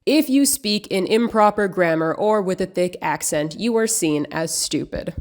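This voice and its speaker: A woman's voice: fairly low pitch, lively intonation, normal speed, darkish tone. Sarcastic woman, video essay. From United States. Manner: dry, sarcastic humor. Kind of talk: scripted video essay commentary.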